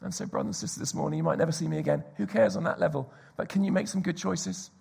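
Male preacher, storytelling sermon, raspy and gravelly, a bit high. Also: quick pace. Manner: storytelling, drops to a hushed whisper for emphasis.

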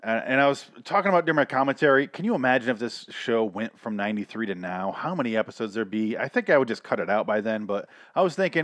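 A man's voice: medium pitch, animated, fast, hardly any pauses, fairly bright tone, dry recording. A man giving casual, rambling, sarcastic review commentary on cartoon episodes, swearing freely.

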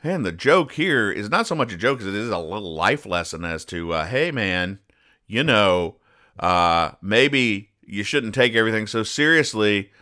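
A man's voice: on the low side, very animated, bright, forceful tone. A man hosting a podcast, casually explaining comic strips and briefly putting on voices for the characters. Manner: playful, puts on quick character voices. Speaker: podcast host.

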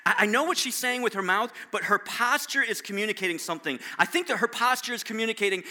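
A man's voice: high-pitched, fast, hardly any pauses, pushed and bright. A man preaching a sermon as a pastor, talking in a conversational, self-deprecating way with frequent restarts.

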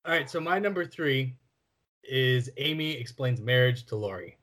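Laid-back man of middle pitch. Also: expressive, moderate pace, fairly bright tone. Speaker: podcast co-host. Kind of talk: casual film-review chat.

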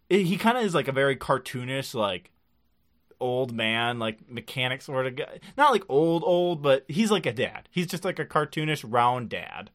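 This is a podcast co-host in loose, casual chat, recapping episodes in a rambling way with plenty of filler words. The pitch sits in the middle and swings freely up and down. Laughter keeps breaking into the talk.

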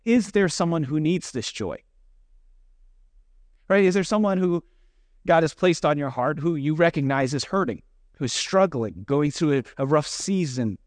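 A man's voice: fairly high pitch, lively intonation, a little slow, dry recording. A man giving a sermon in a conversational, self-deprecating way, often acting out what people say. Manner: conversational, self-deprecating, acts out quoted voices. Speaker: pastor.

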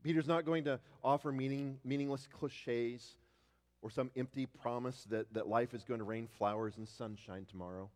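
A man's voice: medium pitch, fairly even intonation, normal speed. Preacher man in a reverberant hall. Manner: stammering restarts, swings from loud declarations to hushed tones. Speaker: pastor. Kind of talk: sermon.

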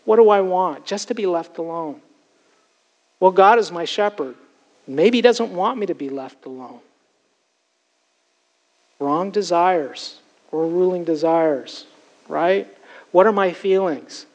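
A man's voice: sits high, slow pace, pauses often, a little mellow, poor audio. A man preaching a sermon as pastor, earnest and emphatic, often turning to address his congregation directly.

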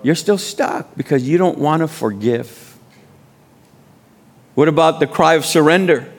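A man's voice: fairly high pitch, lively intonation, measured pace. A man preaching as a guest speaker, exhorting the congregation with repeated calls of amen and plain, informal speech. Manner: exhorting, with call-and-response "amen"; informal street-style speech. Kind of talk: sermon.

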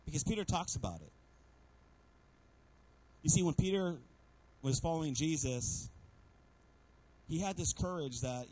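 A man's voice: on the high side, animated, slow, pauses often, a little mellow, rough recording. A male pastor preaching a sermon to a congregation, calling for amens and acting out the voices he quotes. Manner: preaching with call-and-response asks to the congregation. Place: church sanctuary.

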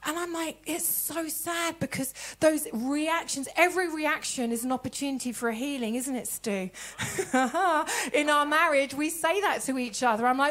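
A woman preaching a sermon in a church, telling stories with lively acted-out conversations. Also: sits high, moderate pace. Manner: animated storytelling, acting out conversations in voices.

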